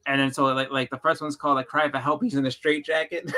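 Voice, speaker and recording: A man with a New England accent in casual chat, telling rambling stories and bursting into loud impressions. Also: fairly high pitch, level tone, quick pace.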